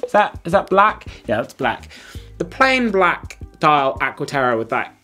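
A man's voice: fairly high pitch, sing-song, unhurried, bright, forceful tone, faint music behind. A man hosting a casual watch ranking video, who talks in blunt, slangy, enthusiastic bursts with plenty of fillers. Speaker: host.

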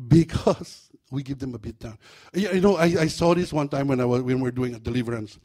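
Animated, humorous preaching man. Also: medium pitch, fairly quick. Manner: animated, humorous, acts out voices. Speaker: pastor. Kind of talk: sermon. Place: church.

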